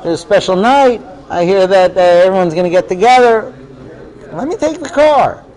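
A man's voice: sits high, lively intonation, normal speed, darkish tone, poor audio. A man voicing a whiny teenage boy begging his father in a story. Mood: pleading. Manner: whiny pleading. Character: pleading teenage boy wanting the car.

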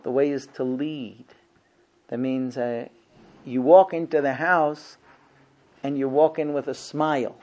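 Brief: male class teacher, lively and humorous, acts out little scenes, drops to quiet earnest points. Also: mid-range voice, measured pace, pauses often. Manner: lively, acts out husband and wife exchanges with humor; shifts between quiet earnest points and loud playful asides. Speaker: teacher of a marriage class for men. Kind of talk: lecture to a class.

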